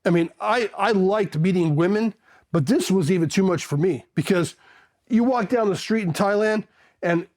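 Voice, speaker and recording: A man in his fifties from California with a notably high voice for a man, recounting his years as a Marine. He rambles and circles back, blunt and casual, and drops a curse word without a second thought. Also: normal speed, a little mellow. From California, USA. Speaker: Marine veteran. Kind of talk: candid storytelling.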